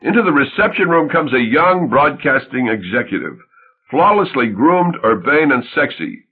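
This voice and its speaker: Husky male audiobook narrator, tinny sound. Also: mid-range voice, big pitch swings, normal speed.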